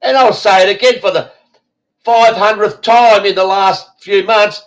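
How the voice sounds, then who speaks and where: Man, Australian accent, high voice, heated ranting, blunt, heavy swearing, show host. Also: steady tone, a little slow, low-quality recording.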